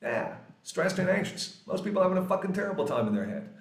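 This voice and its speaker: A man in his forties teaching English grammar in a casual, lively way, swearing freely and acting out little quoted exchanges. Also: high-pitched, fast talker. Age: 40s. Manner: lively, swears often, acts out quoted voices. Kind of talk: casual classroom explanation. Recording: echoey room.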